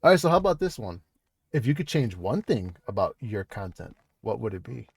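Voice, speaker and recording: A man's voice: fairly low pitch, big pitch swings, brisk, vocal fry, husky, no echo. Laughing, loose-talking male podcast host. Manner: laughs often, loose and profane, many fillers. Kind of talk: casual interview chat. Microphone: video call.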